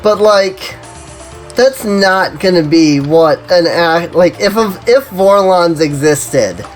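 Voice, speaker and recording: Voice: medium pitch, expressive, takes it slowly, soft background music. A streamer chatting casually while playing an online game, rambling and saying "you know" and "like" constantly.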